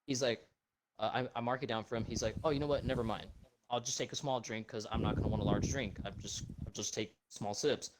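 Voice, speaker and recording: Fast-ranting young man, heavy swearing. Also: medium pitch, fairly even intonation, noisy background. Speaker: podcast co-host. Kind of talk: casual chat.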